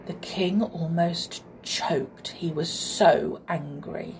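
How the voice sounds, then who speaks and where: A woman narrating a storybook read-aloud in an expressive, deliberate way. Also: fairly low pitch, music in the background, low-quality recording.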